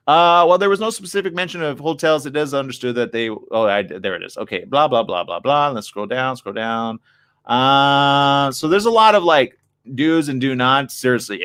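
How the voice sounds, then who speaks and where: A man hosts a live morning show, moving between reading news reports aloud and offering his own dry remarks. His pitch rises and falls a great deal as he talks. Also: fairly bright tone, clear, resonant tone. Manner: chatty, wry asides between read passages.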